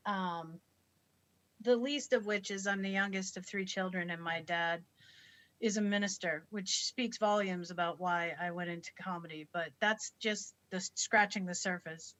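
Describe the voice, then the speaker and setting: Bright, upbeat woman stand-up. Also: medium pitch, unhurried. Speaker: stand-up comic. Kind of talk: comedic storytelling. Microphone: video call.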